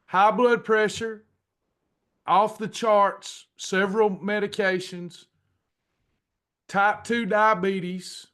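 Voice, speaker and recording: A middle-aged man telling a personal testimony to a class in a folksy, drawn-out way, acting out the dialogue. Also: high voice, little pitch movement, fairly bright tone. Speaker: pastor and weight-loss class leader.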